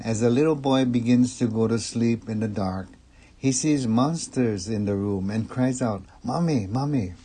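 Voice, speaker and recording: A man giving a Dharma talk as a Buddhist minister, measured and calm. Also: medium pitch. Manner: slow, measured and calm delivery.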